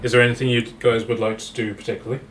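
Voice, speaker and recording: A man's voice: mid-range voice, flat delivery, rapid-fire, far from the mic, soft background music. A man narrating a tabletop game as game master, rambling with many fillers and restarts.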